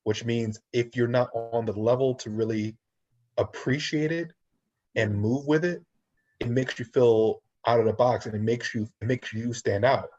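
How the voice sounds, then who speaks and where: A man's voice: mid-range voice, moderate pace, a little mellow. A man co-hosting a casual panel chat, talking in a reflective, philosophical way. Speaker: podcast co-host. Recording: lo-fi online call audio.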